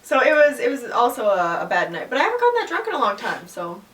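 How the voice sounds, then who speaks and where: A woman's voice: a little high, huge pitch swings, fast talker, fairly bright tone. A woman co-hosting a podcast in casual chat, laughing often and teasing. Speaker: podcast co-host. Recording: echoey room, mic at a distance.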